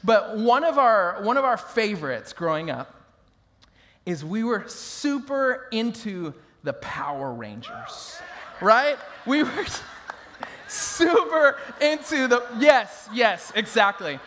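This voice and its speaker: A man in his thirties preaching as a pastor, telling funny family stories in a lively, laughing way. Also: very high-pitched, slow pace, long reverb tail. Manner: animated storytelling, laughing with the crowd. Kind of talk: sermon.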